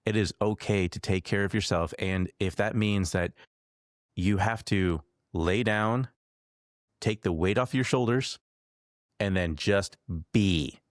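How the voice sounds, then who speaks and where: A man hosting a podcast, speaking in a calm, encouraging and reflective way. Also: fairly low pitch, takes it slowly, no echo, clean studio sound. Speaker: podcast host. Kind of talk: conversational podcast talk.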